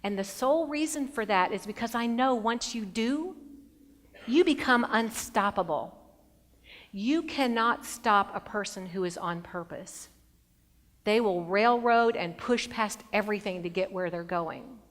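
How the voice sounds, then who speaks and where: A woman's voice: medium pitch, measured pace. Middle-aged woman storyteller in a reverberant hall. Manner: expressive storyteller, shifting between bright emphasis and hushed moments. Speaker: keynote speaker. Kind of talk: motivational speech with storytelling. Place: large conference hall.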